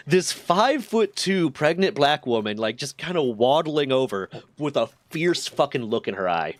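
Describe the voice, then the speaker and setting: A man streaming, telling a long story in a casual, animated and profane way. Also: no echo. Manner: profane, animated, shifts pitch a lot.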